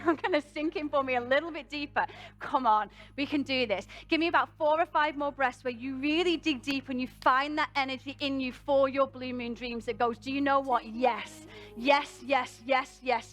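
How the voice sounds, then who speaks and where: British woman yoga teacher, rousing, high-ish voice, live class with faint music behind. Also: fairly quick, few pauses, fairly bright tone. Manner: encouraging, laughs at herself, rousing. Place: live event venue, music playing.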